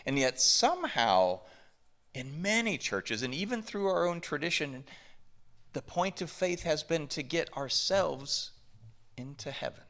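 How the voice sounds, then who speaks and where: A man's voice: on the high side, very animated, measured pace, fairly bright tone. A man from the southern United States preaching a conversational sermon to his church, full of emphatic rhetorical questions. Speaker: pastor. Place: church sanctuary.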